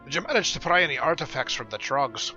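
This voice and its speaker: A man's voice: medium pitch, expressive, fast, sharp tone, highs cut off, soft background music. A man voicing a curious male dwarf researcher from a game, in a put-on dwarf brogue. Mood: delighted. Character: scholarly male dwarf digger, eager and curious.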